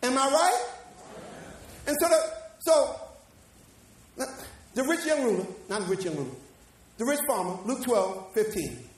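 A pastor preaching a sermon, building to shouts and calling the congregation to read along. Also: male voice, very high voice, big pitch swings, measured pace, long pauses. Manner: preaching with rising shouts and call-and-response. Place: church. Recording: echoey church hall from far off.

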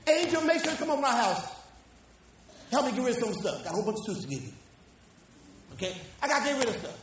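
A pastor preaching a sermon, building to shouts and calling the congregation to read along. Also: male voice, very high-pitched, expressive, fast talker, a little hiss or hum. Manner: preaching with rising shouts and call-and-response. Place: church. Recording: echoey church hall from far off.

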